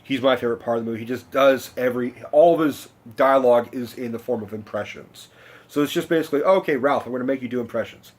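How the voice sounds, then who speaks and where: Talking at a quick pace in a medium-pitched voice, a young vlogger tells his audience a rambling personal story. He swears freely and keeps cutting himself off mid-thought.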